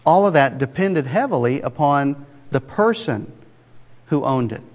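Male preacher, mid-pitched, chatty but emphatic sermon delivery, long hall reverb. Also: lively intonation, a little slow. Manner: conversational, emphatic, rhetorical asides.

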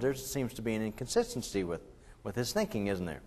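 A man's voice: mid-range voice, big pitch swings, normal speed. Conversational male pastor preaching. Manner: conversational, questions the congregation, swings between loud and quiet. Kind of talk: sermon.

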